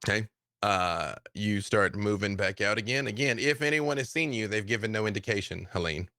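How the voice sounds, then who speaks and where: A man narrating as dungeon master, in a relaxed, chatty storytelling way with plenty of fillers. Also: on the low side, normal speed, dry recording, studio quality. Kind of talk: narrating a tabletop game.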